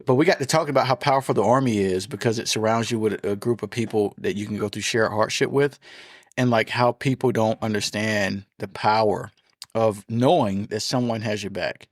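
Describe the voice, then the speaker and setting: A man's voice: on the low side, a little fast, no room sound. A man who is a military officer, a guest in a casual conversation, thinking aloud in a reflective way.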